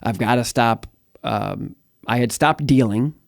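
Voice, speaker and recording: A man's voice: medium pitch, measured pace, creaky, no echo, clean studio sound. Candid middle-aged man telling his story. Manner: candid, rambling storyteller with many fillers and restarts. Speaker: interview guest. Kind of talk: personal testimony in conversation.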